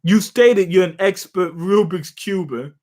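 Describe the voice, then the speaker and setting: A man's voice: high voice, a little slow, a little mellow. A young man casually reacting to a comic chapter live, retelling scenes with swearing, jokes and laughter. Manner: loose, profane, jokey retelling with laughs. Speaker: manga reaction streamer.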